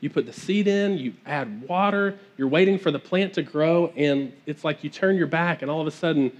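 A man's voice: a little high, normal speed, few pauses. A man preaching a sermon in a conversational, earnest way, often restarting his phrases.

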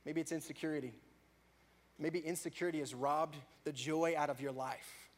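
A man preaching a sermon, rising to loud, fervent prayer and dropping back to a soft, conversational tone. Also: steady tone, normal speed. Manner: builds to loud, high-pitched fervor in prayers; drops to soft, low conversational tone between peaks. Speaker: pastor.

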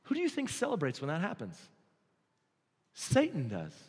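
Fiery preacher in a reverberant hall. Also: male voice, on the high side, wildly swooping pitch, moderate pace, breathy edge. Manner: dynamic, swings from hushed to shouting. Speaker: pastor. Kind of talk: sermon.

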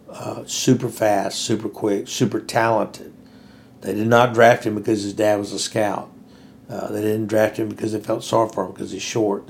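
A man with a low, gravelly voice holds forth in an unscripted commentary. He rambles earnestly, stopping to restart his sentences and filling the pauses with "uh." It sounds like a host thinking out loud for his listeners. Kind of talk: casual spoken commentary.

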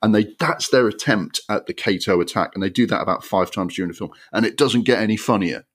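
A man co-hosting a film podcast, ranting in exasperated, sweary bursts and jumping up in pitch when riled. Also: fast, slightly rough. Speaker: podcast co-host. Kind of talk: casual film review rant.

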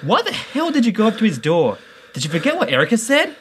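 An actor playing a dry, teasing young neighbor from Adelaide in an audio drama. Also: male voice, high voice, huge pitch swings, quick pace, breathy edge, heavily acted. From Adelaide, Australia.

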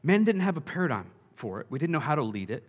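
A man preaching a sermon, animated, swinging from quiet asides to shouts and acting out quoted voices. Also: fairly high pitch, fast, dull audio. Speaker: pastor.

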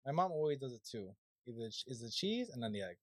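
Fast-talking young man, casual podcast chat. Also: medium pitch, very animated, no echo, rough recording. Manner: fast, rambling storyteller with many restarts. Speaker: podcast co-host.

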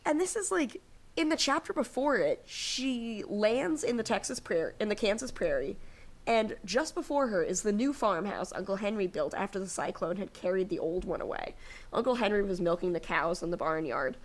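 A woman co-hosting a casual book podcast, joking and acting out characters in quick little voices. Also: mid-range voice. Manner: animated, jokey, acts out characters in quick voices. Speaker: podcast co-host. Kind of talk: casual book-discussion chat.

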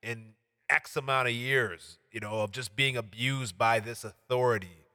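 A man's voice: medium pitch, normal speed, sharp tone, long reverb tail. A man talking earnestly and at length in a casual podcast chat, heartfelt and rambling. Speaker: podcast co-host.

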